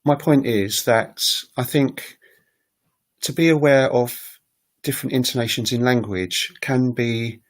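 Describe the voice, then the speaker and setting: A man's voice: mid-range voice, unhurried. A man hosting a casual livestream about language learning, rambling with many ums and self-corrections and saying example phrases aloud.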